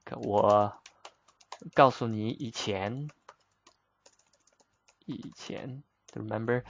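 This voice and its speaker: A man's voice: on the low side, takes it slowly, creaky, long pauses, no echo. A man teaching vocabulary, explaining patiently step by step in plain, slightly broken English with simple examples. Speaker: Chinese teacher.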